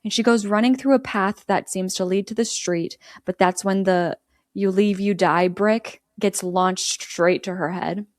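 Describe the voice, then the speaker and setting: A woman's voice: mid-range voice, steady tone, unhurried, a little mellow, no room sound, studio quality. A woman hosting a podcast, casually recapping a film plot, chatty and giggly as she quotes the characters.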